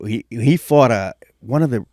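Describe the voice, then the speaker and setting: A middle-aged man tells stories on a podcast, and his pitch rises and falls a lot. He acts out other people's lines in high voices. The room sounds dry and close. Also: moderate pace, no room sound. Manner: animated storyteller, acts out quotes in high voices. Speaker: guest, MMA media veteran. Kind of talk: casual storytelling podcast chat.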